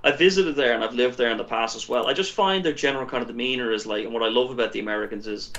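A man who does stand-up comedy, chatting as a guest and telling stories in a lively way, with lots of fillers. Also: medium pitch, rapid-fire, lo-fi sound. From Ireland. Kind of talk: casual interview chat.

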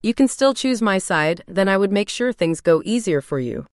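A woman's voice: mid-range voice, animated, normal speed, no echo, studio quality, close to an everyday voice. A woman voicing a resentful young man who snarls and makes accusations in an audiobook.

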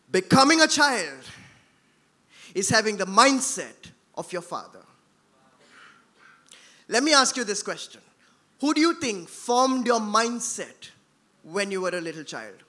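A male pastor preaching a sermon in church, swinging between shouting and hushed tones. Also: high-pitched.

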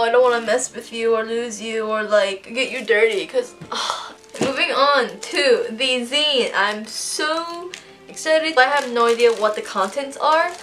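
A woman chatting casually through an unboxing, gushing and excitable, swearing freely. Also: fairly high pitch, far from the mic. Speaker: vlogger unboxing fan merch. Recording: voice a bit off-mic, soft music behind.

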